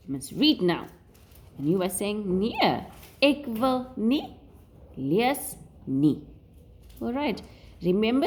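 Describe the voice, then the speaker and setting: A woman with a South African accent teaches a language lesson at an unhurried, deliberate pace. Her pitch rises and falls in a lively way as she repeats each phrase in English and Afrikaans. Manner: slow and deliberate, switching between English and Afrikaans. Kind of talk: recorded lesson for learners.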